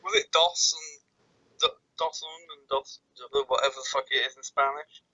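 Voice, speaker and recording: Bright-voiced male podcaster on a dull mic. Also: mid-range voice, steady tone, brisk. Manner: chatty and laid-back, swears casually. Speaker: podcast co-host. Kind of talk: casual wrestling review chat.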